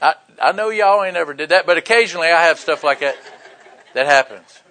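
Man, older, sermon, high voice, folksy, jokey asides. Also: lively intonation, fairly quick. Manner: folksy, joking, swings from loud bursts to quiet asides. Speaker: pastor.

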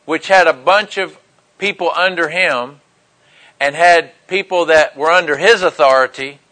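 Middle-aged male preacher, high and bright, sermon delivery, acts out quotes within his stories. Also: low-quality recording. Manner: storytelling with acted-out quotes.

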